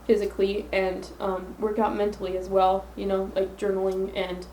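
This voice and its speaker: A woman's voice: medium pitch, completely flat delivery, normal speed, mellow, reverberant, slight background noise, poor audio. Earnest woman podcasting on her phone. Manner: earnest, rambling with self-affirmations. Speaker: podcast host. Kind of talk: solo podcast monologue.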